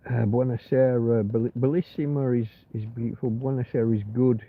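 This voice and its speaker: A man's voice: mid-range voice, fairly even intonation, a little fast, few pauses, dry recording. A middle-aged man hosting a casual livestream from bed, rambling and reading chat messages aloud, with frequent swearing. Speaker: livestream host. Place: in bed in a van or caravan. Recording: tinny phone-like sound.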